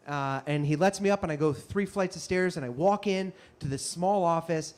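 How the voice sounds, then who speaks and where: A young man telling a comic story on stage, animated and self-mocking with quick asides. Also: on the high side. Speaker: comedian and storyteller. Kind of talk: live stand-up storytelling.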